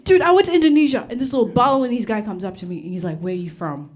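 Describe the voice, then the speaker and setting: A woman's voice: on the high side, sing-song, rapid-fire, a little mellow. A young woman from Uganda performing a stand-up comedy set on stage before a live audience, with a brash, punchy delivery. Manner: brash, punchy delivery with laughs between jokes.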